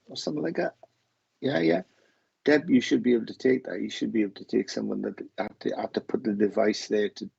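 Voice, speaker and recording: A man giving live psychic readings on a stream, talking haltingly, repeating phrases and getting emotional. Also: lowish voice, creaky, darkish tone, husky, no room sound, highs cut off. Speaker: psychic medium host.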